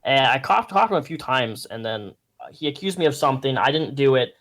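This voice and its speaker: A man's voice: medium pitch, animated, quick pace, fairly bright tone. A man hosting a casual live stream, talking in hesitant, stammering bursts and chuckling as he goes.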